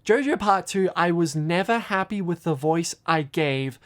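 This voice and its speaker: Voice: medium pitch, expressive, a little slow. A casual commentary voice from an animator on their own channel. They ramble through tangents, restart sentences, stack fillers and poke fun at their own work. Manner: rambling, self-deprecating, many fillers and restarts. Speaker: animator and video creator.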